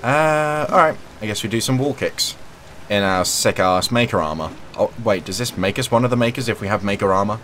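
A man's voice: on the low side, lively intonation, fairly quick, background noise. A young man giving casual, jokey gameplay commentary, humming and talking to the characters on screen. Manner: chatty, jokey, hums, talks to game characters. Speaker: let's play host.

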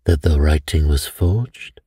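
A man's voice: a bass voice, slow pace, dark tone, breathy edge, dry recording, studio quality, full character voice. Man reading an impatient, blunt investigator. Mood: exasperated. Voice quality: exasperated and blunt. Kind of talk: audiobook character reading.

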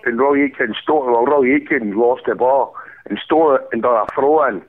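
An excitable caller argues and curses over a thin, tinny phone line. His voice sits at an average pitch for a man. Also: brisk. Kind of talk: casual phone chat.

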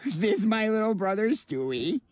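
A man's voice: high voice, big pitch swings, moderate pace, dry recording. An actor voicing a dim, awkward teenage boy in a cartoon. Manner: hesitant, dopey.

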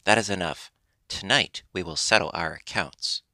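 A man voicing a huge, frightening male puppet showman with a gruff voice. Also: sits low, normal speed, pushed and bright, dry recording, full character voice. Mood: stern. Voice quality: gruff, as if with a head cold.

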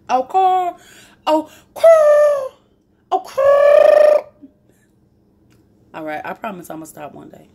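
A woman's voice: low-pitched, gravelly, darkish tone, husky. A woman, chatting playfully through a home cooking vlog and laughing at herself. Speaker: vlogger. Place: home kitchen.

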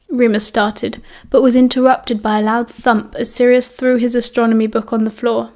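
A woman with a British accent narrating an audiobook in a steady storytelling way. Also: fairly high pitch, normal speed, few pauses. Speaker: audiobook reader.

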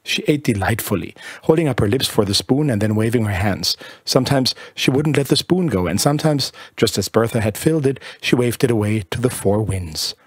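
A man narrating a literary short story in a measured, lyrical reading. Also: medium pitch, expressive, husky, no room sound. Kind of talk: scripted audiobook narration.

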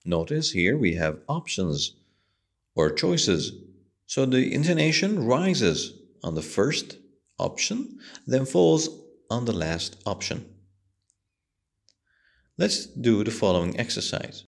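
A male English teacher talks through a textbook lesson at an unhurried, deliberate pace. His low voice has a gravelly edge, and it swings widely up and down as he stresses each point. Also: very animated. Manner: slow, patient explaining with strongly rising and falling pitch.

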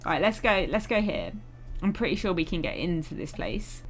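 A woman's voice: fairly low pitch, very animated, moderate pace, soft background music. A young woman chatting casually through a life-sim game, chatty and self-mocking, swearing now and then when annoyed. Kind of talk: casual gameplay commentary.

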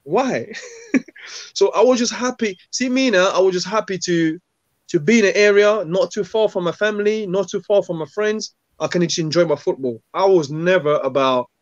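A former footballer, telling stories in a casual interview and acting out what people said, using street slang. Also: male voice, high voice, moderate pace, no echo. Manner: animated, acts out quoted dialogue, street slang. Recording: dull, dry recording.

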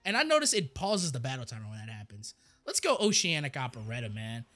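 A young man giving casual, rambling gameplay commentary, excitable and stammering as he repeats words. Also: medium pitch, fast talker, soft background music. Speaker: gaming YouTuber.

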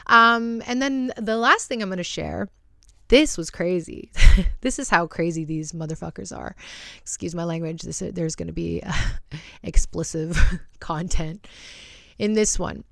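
A woman's voice: fairly low pitch, measured pace, creaky, a bit bright, no room sound, studio quality. A young woman hosting a podcast, telling a personal story candidly and emotionally, swearing freely. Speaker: podcast host.

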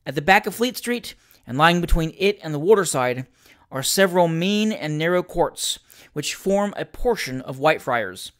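A man reads classic fiction aloud in the manner of an audiobook. His storytelling is measured and expressive, and his voice sits fairly high for a man. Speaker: podcast host and reader.

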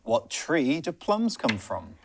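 A woman's voice: extremely low pitch, big pitch swings, slow, noisy background. Woman reading quiz questions. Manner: reads quiz questions, laughs along. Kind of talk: playing a party game on a livestream.

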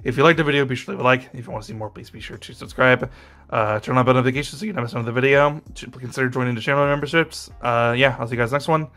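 Young male commentator, mid-pitched voice, ranting and rambling, lots of swearing and fillers. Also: rapid-fire, sharp tone. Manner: frustrated, profane, rambling with fillers. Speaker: YouTube commentator.

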